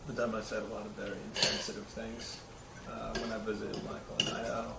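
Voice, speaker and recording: A young man in his twenties talking casually in a flat manner. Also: on the low side, quick pace, vocal fry, very noisy. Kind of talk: casual chat. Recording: roomy, far from the mic, loud clatter.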